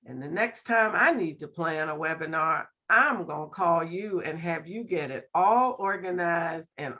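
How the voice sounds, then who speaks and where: A woman's voice: on the low side, a bit bright. A middle-aged woman on a school board, speaking at an online meeting and heaping emphatic praise on a student.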